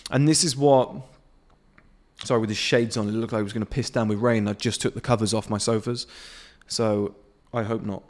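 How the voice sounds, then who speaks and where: This late-twenties man, a men's self-improvement vlogger, stands outdoors on his patio ranting unscripted and profanely to camera, blunt and full of swearing. His voice is low-leaning, steady and somewhat dark, and he talks fairly quickly.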